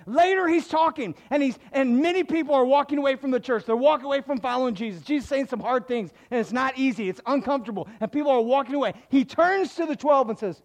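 A male pastor preaching a sermon to a congregation, animated, acting out the people in his stories with big swings in his voice. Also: very high voice, fairly quick. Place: church hall before a congregation.

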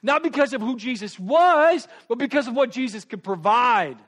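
A man preaching a sermon, animated and conversational, swinging between loud bursts and hushed asides, with quick rushed remarks. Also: very high voice. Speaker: pastor.

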